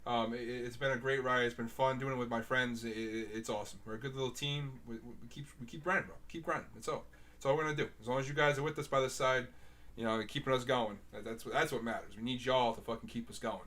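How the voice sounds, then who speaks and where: A man's voice: mid-range voice, steady tone, quick pace, a bit bright. A man co-hosting a casual live-streamed show over a video call, laid-back and calling people bro and man. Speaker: podcast co-host.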